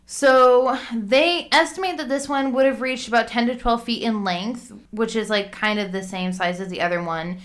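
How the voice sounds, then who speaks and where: A woman's voice: on the high side, normal speed, hardly any pauses. A woman co-hosting a podcast in casual chat, laughing often and stumbling over her notes. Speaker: podcast co-host.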